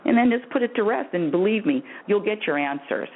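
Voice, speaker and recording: A woman hosting a call-in spiritual advice radio show, effusive and animated, often laughing and repeating her phrases. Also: mid-range voice, fairly quick, a little hiss or hum. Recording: tinny phone-line radio audio.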